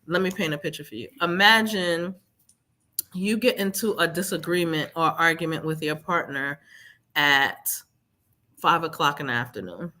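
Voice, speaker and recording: A woman guest telling her own story in a live interview, animated and acting out what others said. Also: low voice, moderate pace.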